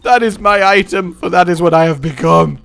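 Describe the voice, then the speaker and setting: A man's voice: high voice, brisk, vocal fry, a bit bright, smooth. A man putting on a melodramatic, self-pitying gaming commentator with a whiny voice. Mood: mopey. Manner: whiny, melodramatic sighing delivery.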